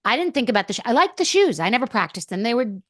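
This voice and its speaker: Brief: a rambling, blunt podcast guest. She is a woman with a fairly high voice and a dry close mic, and she swears freely. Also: very animated, very fast, dry recording. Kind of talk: candid storytelling chat.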